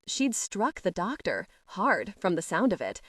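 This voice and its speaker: Narrator: woman, measured, dry booth, a touch off mic. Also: mid-range voice, wildly swooping pitch, a bit bright, no echo, recorded from a distance. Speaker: audiobook narrator. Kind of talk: scripted narration.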